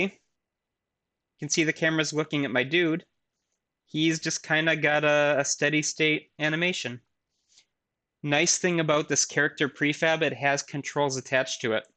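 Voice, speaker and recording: A slightly high-voiced man speaks casually through a recorded university lecture that includes a live software demo. He uses lots of fillers and pokes fun at himself along the way.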